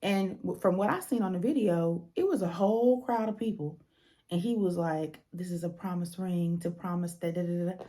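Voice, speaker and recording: A woman's voice: fairly low pitch, moderate pace, dark tone. A young woman giving a casual, blunt and profane recap of a reality show, acting out the people she quotes.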